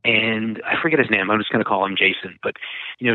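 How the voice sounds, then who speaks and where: A man's voice: lowish voice, fairly quick, no echo. A man, a nonprofit founder, telling stories in an interview, rambling with many fillers and restarts. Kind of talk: conversational storytelling. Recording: dry tinny phone line.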